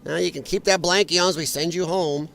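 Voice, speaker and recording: A man with a high-pitched voice comments live over streamed footage. He is blunt and mocking and swears freely, often restarting his sentences. Faint noise runs beneath him. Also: fairly even intonation, fairly quick, vocal fry, a bit bright. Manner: rambling with restarts. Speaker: livestream commentator.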